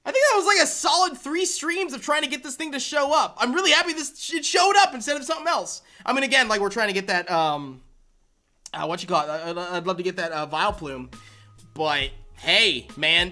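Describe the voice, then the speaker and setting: A man streaming a video game live, chatting loosely with viewers and breaking into high, excited squeals and laughter. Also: brisk, faint music behind. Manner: rambling chat to viewers with fillers. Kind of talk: live-stream shiny-hunt reaction.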